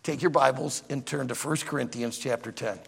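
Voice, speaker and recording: A man preaching a sermon in a church auditorium, an animated, emphatic storyteller, with long hall reverb. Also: medium pitch, brisk, gravelly, slightly rough. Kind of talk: sermon with a told joke.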